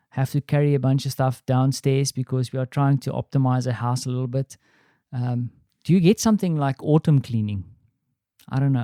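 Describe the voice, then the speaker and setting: A man's voice: medium pitch, mellow, dry recording, clean studio sound. A man with a South African accent talking casually in a rambling, easygoing spoken diary. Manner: rambling, easygoing, many fillers. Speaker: podcast host.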